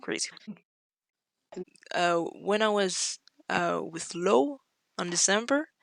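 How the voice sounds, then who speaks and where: A woman tells a story on a podcast. Her voice sits at a medium pitch and keeps jumping high when she acts out what people said. The sound is dry and close to the mic, with no room echo. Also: takes it slowly, creaky. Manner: animated, acts out quotes with sudden jumps in pitch. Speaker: podcast guest. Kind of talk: storytelling in casual conversation.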